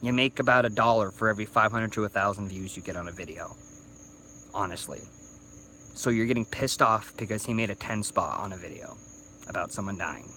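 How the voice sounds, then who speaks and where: Man, 30, slightly drunk YouTuber ranting on his phone, bright and tense voice, lots of restarts. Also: fairly low pitch, slight background noise. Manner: rambling, stumbling restarts, swearing. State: a little drunk. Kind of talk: casual ranting vlog.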